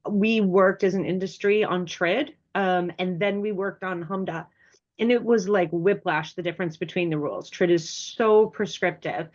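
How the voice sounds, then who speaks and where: A woman's voice: medium pitch, muffled recording. A woman speaking as a guest expert on a webinar, chatty and emphatic, sounding congested from illness. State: ill, congested. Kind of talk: webinar presentation.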